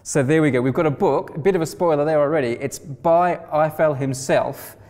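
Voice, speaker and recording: A man's voice: a little high, a little fast, darkish tone. A man hosting an interview, asking curious, enthusiastic questions in a casual way. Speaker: host. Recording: roomy hall reverb.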